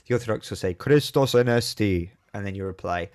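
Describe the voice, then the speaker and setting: Guy cohosting a chatty podcast, a bit low-voiced, playful, acts out what people say. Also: very fast. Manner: playful, animated, acts out quotes. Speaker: podcast co-host. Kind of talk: casual chat.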